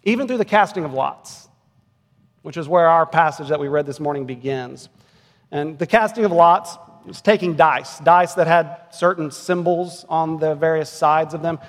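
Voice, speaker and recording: A man's voice: on the high side, normal speed. A man in his forties preaching a sermon as pastor, earnest and building to emphatic peaks. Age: 40s. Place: church sanctuary. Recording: long reverb of a church hall.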